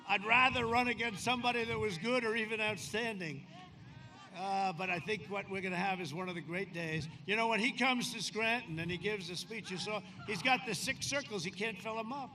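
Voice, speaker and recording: A man in his seventies giving a rambling, boastful campaign rally speech outdoors, swinging from shouting to quieter confiding asides. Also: high-pitched, normal speed. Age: 70s. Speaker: politician speaking at a campaign rally. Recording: outdoor rally PA with crowd noise. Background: crowd ambience.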